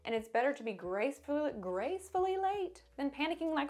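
A woman's voice: high-pitched, sing-song, brisk, hardly any pauses, darkish tone. A young woman, teaching haircutting in a casual, chatty tutorial with rambling asides and laughs.

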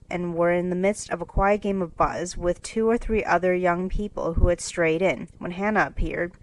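A woman narrating a classic storybook in a steady, clear reading for English learners. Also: on the low side, poor audio.

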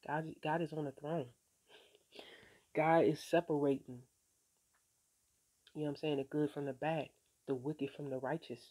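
A woman's voice: deep voice, steady tone, normal speed, long pauses, dark tone. A woman talking in a casual faith-filled vlog, laid-back and streetwise, swearing casually and encouraging viewers while often repeating "you know what I'm saying.". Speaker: vlogger.

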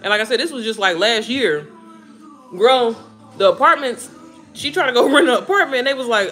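A woman in her thirties briskly chats with her viewers while cooking, her fairly high, bright voice swooping all over her register. Chatty and animated, she calls them girl and baby as quiet music plays behind her.

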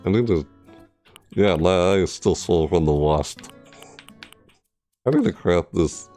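A man streaming a game, chatting casually and rambling with jokes, sometimes breaking into loud high squeals. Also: a little slow, soft background music. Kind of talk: casual gameplay commentary.

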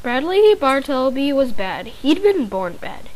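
A woman's voice: high voice, big pitch swings, measured pace, darkish tone, poor audio. A woman reading a children's story aloud, often stumbling and restarting words. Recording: faint hiss.

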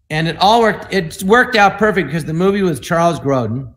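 Male, 60s, from the US. Panel guest, animated storyteller who acts out the dialogue. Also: fairly high pitch, brisk, hardly any pauses. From United States. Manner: animated, acts out other people's lines in the stories. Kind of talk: anecdotal storytelling.

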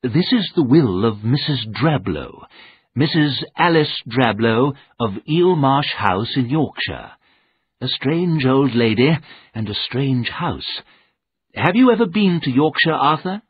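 A man playing a busy senior solicitor, brisk and commanding with a husky edge. The voice sits a touch higher than the narrator's, and the sound is thin and tinny, like a phone line. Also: very animated, full character voice.

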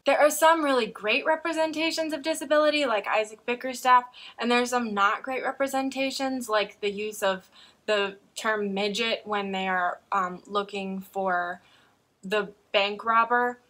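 A woman's voice: mid-range voice, pushed and bright. A woman reading a novel aloud and reviewing it in an earnest, enthusiastic way, with small restarts. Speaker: book reviewer.

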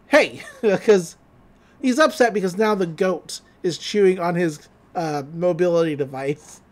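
A woman's voice: mid-range voice, unhurried. A woman hosting a podcast, recapping a cartoon episode in a chatty, giggly way with lots of fillers. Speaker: podcast host.

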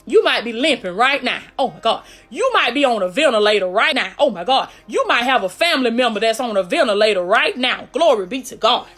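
A woman's voice: a little high, animated, fairly quick, hardly any pauses, fairly bright tone, faint music behind. A woman preaching a fervent live-streamed sermon with a call-and-response cadence, repeating "glory be to God" between lines.

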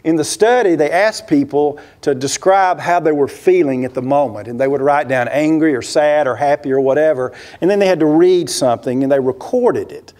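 A man's voice: a little high, normal speed, few pauses, darkish tone. Man, pastor, church sermon, storytelling, rhetorical questions, acts out quotes. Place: church sanctuary.

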